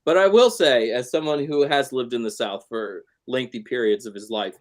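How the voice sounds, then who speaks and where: A man's voice: mid-range voice, normal speed. A man on a film discussion stream, making wry, joking asides. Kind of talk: casual chat.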